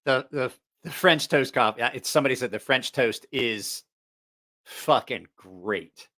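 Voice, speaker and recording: Bright-voiced, rambling live-stream host, a man. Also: medium pitch, expressive, a little slow. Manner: rambling, profane, laughs at his own stories. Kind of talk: casual storytelling on a live stream.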